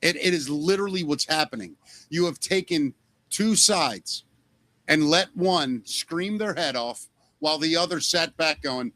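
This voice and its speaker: A man's voice: on the high side, expressive, measured pace, sharp tone. A man co-hosting a political podcast, ranting with fiery, sarcastic heat. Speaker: co-host. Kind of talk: heated political podcast talk.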